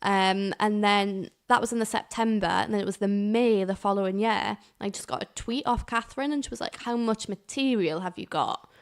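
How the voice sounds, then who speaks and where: Woman, Geordie accent, young adult, comedian guest, quick talker, casual chat, acts out quotes. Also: mid-range voice, smooth. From Newcastle, England. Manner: fast-talking storyteller, acts out quoted voices.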